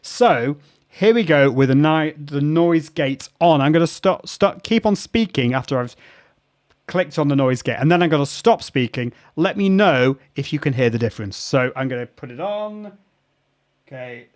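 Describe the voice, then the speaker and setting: Male live-show host, casual and talkative, a touch higher-pitched, reading chat comments as he goes. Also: animated, moderate pace. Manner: chatty, thinks aloud, reads viewer comments. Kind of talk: live-stream audio demo with chat.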